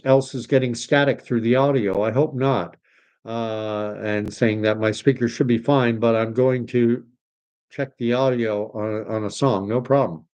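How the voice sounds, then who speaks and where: A man's voice: medium pitch, darkish tone. A man hosting a livestream, reading viewer comments aloud in a casual, hesitant way with many fillers. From Canada. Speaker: livestream host. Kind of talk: casual live chat reading.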